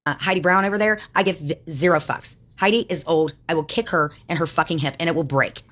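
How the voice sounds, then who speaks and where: Low-voiced woman ranting with profanity. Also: fast, fairly bright tone. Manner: profane, combative, mocking. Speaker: livestreamer. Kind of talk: livestream rant to chat.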